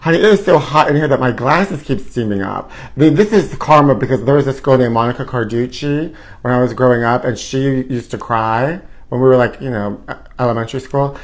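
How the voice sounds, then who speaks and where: A man hosts a live gossip show with a campy, sassy flair. He keeps calling his viewers honey and shifts from loud theatrical squeals to low muttered asides. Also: brisk, low-quality recording. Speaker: host. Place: hot indoor studio.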